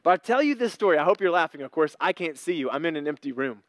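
A preacher in his thirties delivers a sermon with a high, bright voice. He spins folksy stories between his points, and the recording is close and dry. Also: animated, fast talker, no room sound. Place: empty church auditorium.

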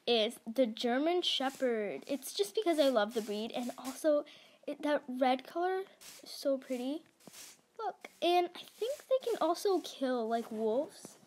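A woman's voice: high-pitched, slight background noise. A young woman giving casual, giggly gameplay commentary, gushing and stumbling over words. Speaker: gaming vlogger.

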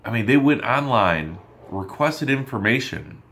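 A man coaching loan officers on sales calls, energetic and emphatic, often checking in with "right?". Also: mid-range voice. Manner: acts out quick exchanges in other voices. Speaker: mortgage sales trainer.

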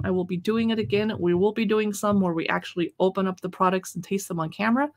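A woman hosting a casual live stream from her desk at home, reading product labels aloud and adding chatty asides. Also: medium pitch.

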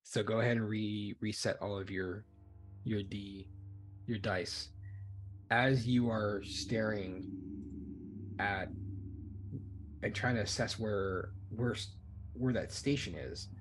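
A man narrating as game master for a tabletop game, halting and often repeating words. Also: fairly low pitch, fairly even intonation, noisy background.

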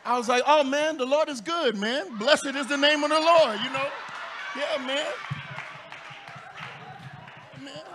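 A male pastor preaching a sermon in church, telling stories with shouts, laughter and playful asides to the congregation. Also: very high-pitched, measured pace, pauses often, a crowd in the background, noisy background.

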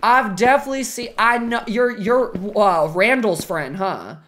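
Animated young woman streaming a game. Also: a little high, measured pace. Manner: chatty, reacts loudly, shrieks when scared. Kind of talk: live game stream commentary.

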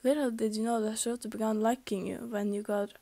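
A woman's voice: fairly high pitch, fairly even intonation, fairly quick, warm tone. Young woman casually reading a fanfic aloud. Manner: casual, amateur reading with slips and restarts. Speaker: fanfic reader.

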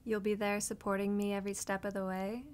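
A woman's voice: medium pitch, monotone, quick pace, clear, resonant tone, natural voice. A young woman voicing a reformed bad-girl girlfriend in an audio role-play, talking earnestly and close to tears. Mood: tender, earnest. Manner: earnest, emotional, near tears.

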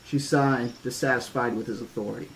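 Male audiobook reader, measured horror-toned narration, casual asides. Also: medium pitch, fairly even intonation, slight background noise, low-quality recording. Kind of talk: horror-toned novel reading.

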